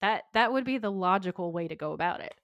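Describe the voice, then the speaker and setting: A woman's voice: medium pitch, animated, fast, a bit bright, no echo, dull audio. A woman co-hosting a podcast, animatedly retelling a TV episode in casual chat and swearing freely. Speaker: podcast co-host.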